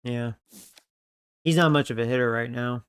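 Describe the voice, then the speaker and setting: A man's voice: mid-range voice, normal speed, smooth, no room sound, studio quality. A man giving casual, profanity-laced commentary on a baseball video game, grumbling about his team. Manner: profane, grumbling, frustrated asides. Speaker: gaming video creator.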